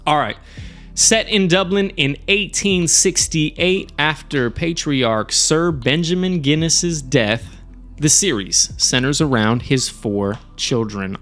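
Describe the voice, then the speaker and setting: A man hosting a live stream and reviewing shows in a relaxed, chatty way, cursing casually and often restarting his sentences. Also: a little high. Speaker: streamer and show host.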